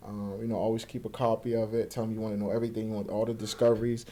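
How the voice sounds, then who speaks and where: Speaking very fast in a fairly low voice, a young interview guest relays his life story casually, acting out quoted voices with animation and plenty of profane street slang.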